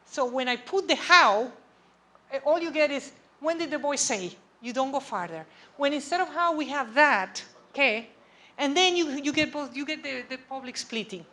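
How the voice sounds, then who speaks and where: A woman's voice: sits high, lively intonation, moderate pace, pushed and bright. Woman lecturing, asking "right?" a lot. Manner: conversational, checks understanding with frequent "okay?" and "right?". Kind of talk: academic lecture. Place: lecture room.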